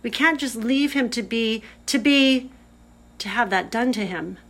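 A woman's voice: fairly high pitch, unhurried, a bit bright. A woman reading aloud, voicing an eager, impulsive boy who speaks in urgent, tumbling phrases. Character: eager, impulsive boy, earnest older brother.

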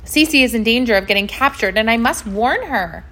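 A woman's voice: fairly high pitch, animated, moderate pace, a bit bright, voice pushed up. A woman voicing an anxious, earnest male polar bear in a storybook, breathless and overly polite. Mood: frantic. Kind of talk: storybook narration.

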